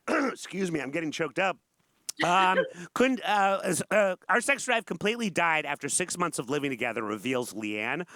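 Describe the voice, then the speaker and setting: A man's voice: on the high side, normal speed, dry recording. A man co-hosting a morning talk show, joking wryly in casual chat and reading an article aloud. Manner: wry, joking, animated delivery.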